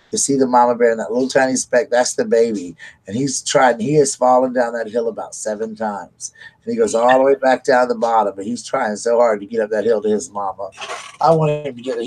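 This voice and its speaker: A man's voice: medium pitch, darkish tone, poor audio. A man hosting a casual live stream, rambling and chatting to his viewers. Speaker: livestream host.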